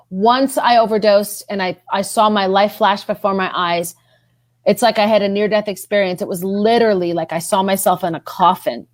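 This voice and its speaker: A woman guest on a podcast shares an emotional personal testimony of her faith. Her medium-pitched voice, recorded with no room sound, is earnest; she repeats herself and her voice rises when she's moved.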